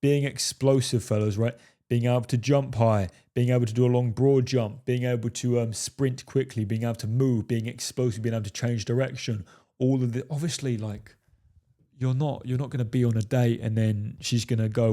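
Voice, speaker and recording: A man's voice: mid-range voice, fairly even intonation, fairly quick, mellow. A man giving casual, brash dating and fitness advice to men, swearing freely and calling the listener "fellas". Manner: brash, profane, keeps addressing the listener as "fellas"; jokingly refers to himself in the third person. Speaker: dating coach. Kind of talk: casual talking-head advice.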